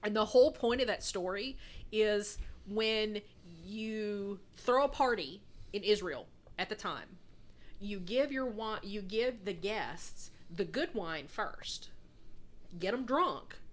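A woman co-hosts a casual podcast at an everyday mid pitch. She talks in an animated way, laughs often and swears freely. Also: takes it slowly. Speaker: podcast co-host. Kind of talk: casual chat.

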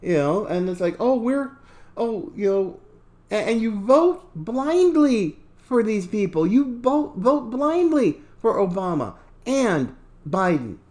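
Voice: medium pitch, sing-song, takes it slowly, darkish tone. A podcast host giving sarcastic political opinion commentary, mocking and chuckling between remarks.

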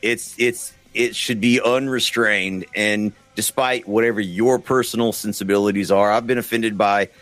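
A man's voice: on the low side, fairly even intonation, normal speed, hardly any pauses, a bit bright, dry recording, faint music behind. A man from the Southeastern US co-hosting a podcast, speaking earnestly and opinionated in casual chat. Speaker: podcast co-host.

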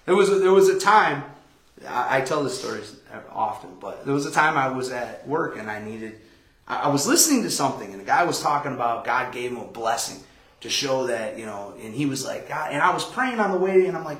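A man pastor giving a conversational Bible study sermon, telling stories with animated quoted voices. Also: mid-range voice, fairly quick. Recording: echoey room.

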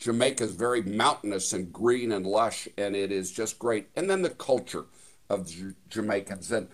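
A man's voice: lowish voice, expressive, moderate pace. A man hosting a radio show, talking enthusiastically in a chatty way with many fillers and restarts. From United States. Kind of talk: casual radio chat.

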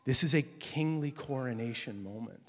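A man's voice: mid-range voice, normal speed. A male pastor giving a conversational sermon, swelling to emphatic peaks as he drives his points home. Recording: long hall reverb.

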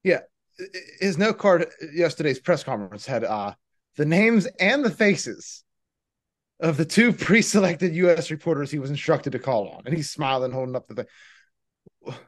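A man co-hosting a podcast, chatting casually and firing off animated rhetorical questions. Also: on the high side, normal speed. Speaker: podcast co-host. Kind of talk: casual political chat.

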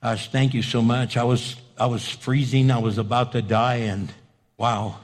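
A man voicing a sly, cold snake that pleads softly and whispers in a low voice. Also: lively intonation, measured pace, long reverb tail. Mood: whispery. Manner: soft wheedling, whispering.

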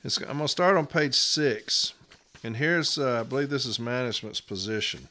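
This union representative, talking in a casual podcast monologue, tells his account without embellishment and repeats case numbers slowly. His medium-pitched voice is expressive, bright and forceful.

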